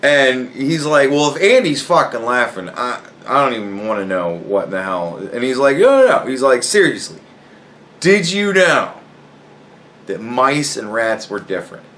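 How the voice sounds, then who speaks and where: A podcast host tells a funny story from work in a casual, animated way, swearing often and breaking into laughter as he goes. His voice is mid-range, his pace moderate with few pauses, and there's a little hiss or hum on the recording.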